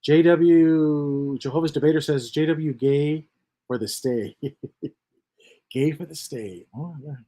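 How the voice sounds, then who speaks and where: A man's voice: a little high, takes it slowly, mellow. A man hosting a casual livestream, reading chat comments aloud and rambling on with lots of repeats and mutters.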